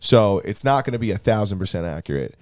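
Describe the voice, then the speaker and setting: A man's voice: lowish voice, animated, fast, no echo, clean studio sound. A man co-hosting a casual podcast, laughing often and making his points in loose, profane talk. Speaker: podcast co-host. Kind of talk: casual chat.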